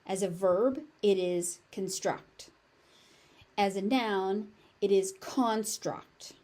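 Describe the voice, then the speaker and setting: Her voice is medium-pitched and mellow as she teaches pronunciation in a General American accent. She repeats every word several times and explains how the sounds work.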